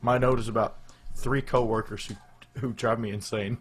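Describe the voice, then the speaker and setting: A man's voice: medium pitch, steady tone, normal speed, husky. A man co-hosting a live show, chatting casually in a rambling, jokey way with loose restarts. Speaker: podcast co-host.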